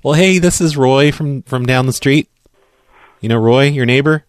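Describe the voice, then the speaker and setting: A man on a prank phone call, pushing his case in a flat, deadpan way as though it were the most normal request. His voice sits in a middle register and sounds close and dry, with no room around it. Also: mid-range voice, moderate pace, dry recording. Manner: pushy, deadpan, matter-of-fact. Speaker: prank caller.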